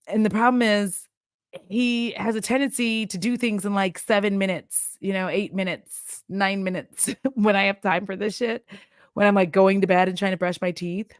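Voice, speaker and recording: A woman's voice: medium pitch, steady tone, normal speed, no room sound. Woman host, casual commentary, laughs a lot, goes off on tangents, dry close recording. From Texas. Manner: chatty, laughs often, tangents and asides. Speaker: commentary YouTuber.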